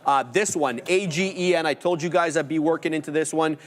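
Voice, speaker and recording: A fairly high-voiced man talks fast and loose as he runs through live trades. He cuts in with quick shout-outs to viewers watching the stream. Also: fairly even intonation. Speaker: trading show co-host. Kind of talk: live trading commentary.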